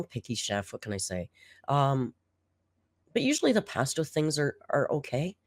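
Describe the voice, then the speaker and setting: Sarcastic commentator with a lively, dry voice. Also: mid-range voice, dry recording. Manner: sarcastic, exasperated, blunt. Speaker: commentary channel host. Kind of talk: reaction commentary.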